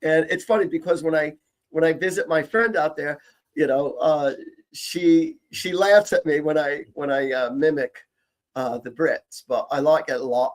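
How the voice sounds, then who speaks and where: A chatty, upbeat man from Canada hosts a psychic live stream and greets his viewers by name. His voice sits a little higher than most men's. He circles back and repeats himself as he talks. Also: moderate pace. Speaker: psychic medium, show host.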